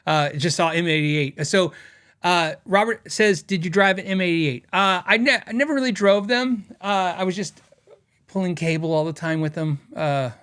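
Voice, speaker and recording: A middle-aged man hosts a laid-back podcast, reading viewer comments aloud and rambling through stories with lots of fillers and laughter. His voice is high, a little bright, and clean, at a normal pace.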